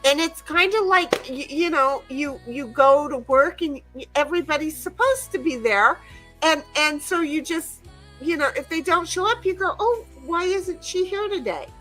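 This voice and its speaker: A woman's voice: high voice, animated, moderate pace, a bit bright, faint music behind, rough recording. A woman hosting a game stream in casual chat, rambling and playful, laughing and swearing freely. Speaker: streamer host.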